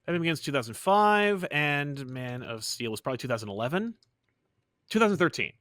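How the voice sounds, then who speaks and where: A man co-hosting a casual comic-book podcast, telling the story of a film project in an animated, joking way. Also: fairly high pitch, fairly quick, dry recording, clean studio sound. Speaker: podcast co-host.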